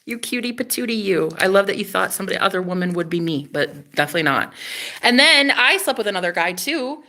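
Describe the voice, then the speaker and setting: A woman telling a story to camera in a casual vlog, chatty and dramatic, with frequent swearing, her voice dropping to a hush and then rising loud. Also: medium pitch, lively intonation, quick pace. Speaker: vlogger.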